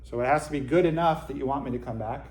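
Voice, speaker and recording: A man's voice: mid-range voice, fast, darkish tone. A man giving an informal Zen Dharma talk to his group, conversational with dry self-deprecating humor. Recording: roomy echo.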